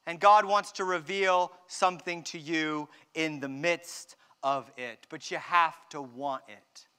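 A man preaching a sermon, acting out quoted voices with animated delivery and slowing down for emphasis. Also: fairly high pitch, smooth. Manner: animated, acts out dialogue, slows down for emphasis. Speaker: pastor.

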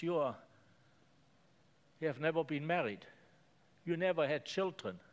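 A man preaching a sermon, voicing a doubtful, pleading woman at a well in his own voice, with repeated incredulous questions. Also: fairly high pitch. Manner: incredulous, then begging.

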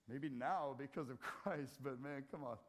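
A middle-aged man preaching a sermon in a church, swinging from loud scripture readings to quiet asides. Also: medium pitch. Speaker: pastor. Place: church sanctuary.

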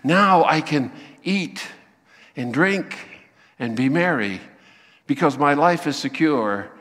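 A man preaching a sermon, acting out the voices he quotes with lively emphasis. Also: a little high, slow, in a large hall. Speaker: pastor.

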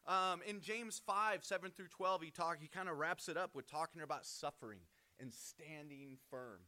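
A man with a pushed, bright voice on the high side speaks at normal speed while giving a casual Bible teaching. He's conversational, frequently checks in with "right?", and often restarts and repeats words.

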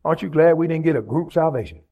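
A male pastor preaches in a rhythmic, rolling cadence. His voice sits somewhat high for a man. He keeps calling on the congregation to answer back. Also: lively intonation, quick pace, narrow, tinny audio. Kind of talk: sermon.

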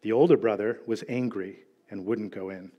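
Male pastor, middle-aged, animated sermon storyteller, voices the quotes. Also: lowish voice, moderate pace, dull audio.

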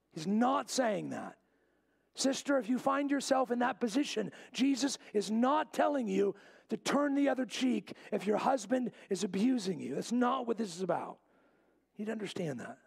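Male pastor, gravelly and husky, high lively delivery, emphatic sermon with hushed repeated points. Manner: emphatic preaching, repeats key lines and drops to a low quiet voice for emphasis. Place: church sanctuary.

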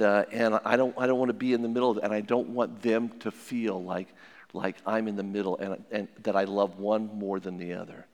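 An older man, a family counselor, giving plainspoken advice to an audience with stories and repeated maxims. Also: fairly low pitch. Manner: plainspoken and anecdotal, with many restarts and repeated maxims. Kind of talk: folksy talk with religious advice. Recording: long hall reverb.

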